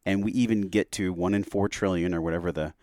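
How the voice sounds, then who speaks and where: A man's voice: low-pitched, steady tone, fast talker, darkish tone, no room sound, clean studio sound. A man speaking as a podcast guest, telling a personal story in an earnest, heartfelt, reflective way.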